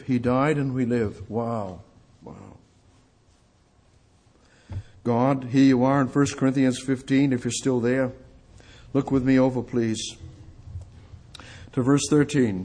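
A man preaching a sermon, fervent and repetitive, swinging between loud outbursts and hushed prayer. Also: mid-range voice, measured pace, pauses often.

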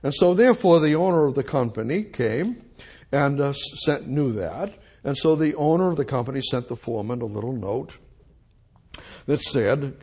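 A man's voice: on the high side, animated, moderate pace, warm tone, slightly rough. A man preaching a sermon, reading old scripture and retelling stories with emphatic repetition. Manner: emphatic, repeats phrases, reads old scripture aloud.

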